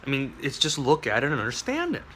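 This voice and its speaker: A man's voice: medium pitch, huge pitch swings, quick pace, sharp tone, slight background noise. A man rambling through a wry, digressive monologue, full of asides and chuckles. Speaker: vlogger.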